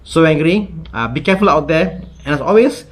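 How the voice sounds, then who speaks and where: A fairly high-pitched man vents to his viewers as a car vlogger, angry and repeating himself. He stumbles through "uh" and "um" while walking through what he is showing. He is from Malaysia. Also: expressive, fairly quick. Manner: agitated, repetitive, lots of fillers. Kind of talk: angry direct-to-camera vlog.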